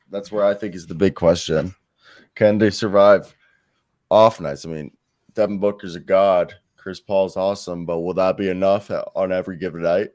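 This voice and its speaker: Young male co-host, lowish voice, loose rambling talk, lots of "like". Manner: rambling, filler-heavy, animated storytelling. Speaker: co-host of a basketball show. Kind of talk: casual sports talk.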